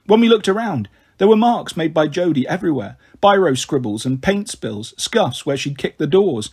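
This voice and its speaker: A man reading a children's novel aloud in a steady, expressive way. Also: sits high, slightly rough. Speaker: storyteller.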